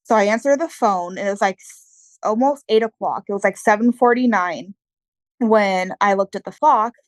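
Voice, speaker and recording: A woman's voice: mid-range voice, moderate pace, dry recording. A woman telling her story as an interview guest, in plain, earnest, casual talk with some fillers.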